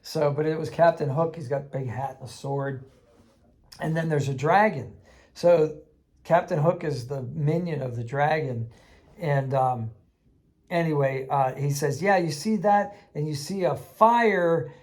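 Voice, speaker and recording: A man casually recounting a tabletop game he ran for kids, animated and laughing, acting out the voices he quotes. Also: fairly high pitch, measured pace. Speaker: game master teaching kids. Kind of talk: casual anecdote storytelling.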